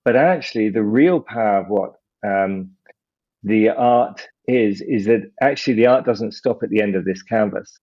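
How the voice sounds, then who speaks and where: A man speaking as a podcast guest, measured and philosophical, slowing down to stress ideas. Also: on the low side. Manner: measured, philosophical, slows down for emphasis. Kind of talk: reflective interview talk. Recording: muffled lo-fi audio.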